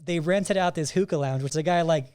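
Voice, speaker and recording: A man, a coach and podcast host, telling a rambling, animated story with lots of "like" fillers. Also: on the high side, a little fast, clean tone. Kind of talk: casual storytelling chat.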